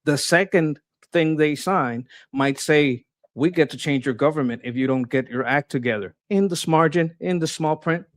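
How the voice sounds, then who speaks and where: A man's voice: on the high side, no echo, studio quality. A man arguing his political views with heat, swearing and repeating himself as he gets worked up. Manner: impassioned, swearing, repeats words when worked up. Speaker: co-host. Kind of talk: heated political discussion.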